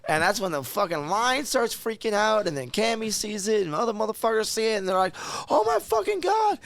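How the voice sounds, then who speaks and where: A man in casual chat as a podcast co-host and cook, telling animated stories full of slang and swearing. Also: sits high, fairly quick, no room sound.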